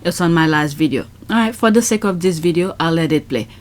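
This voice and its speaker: A woman's voice: on the low side, animated, fairly quick. Chatty woman reading tweets aloud. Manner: chatty, many fillers, reads aloud and comments. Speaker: commentary channel host.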